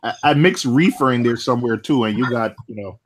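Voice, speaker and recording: A man in his thirties, originally from Jamaica, chatting casually on a live stream with animated, laughing speech and frequent repeated words. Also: medium pitch, a little fast, slight background noise. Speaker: live stream chat participant. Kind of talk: casual chat.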